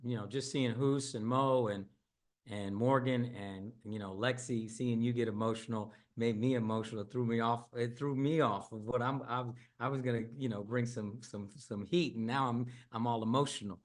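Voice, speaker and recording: A man's voice: medium pitch, steady tone, moderate pace. A middle-aged man giving an earnest, impassioned campaign speech over a video call, often repeating words as he builds. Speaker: Senate candidate.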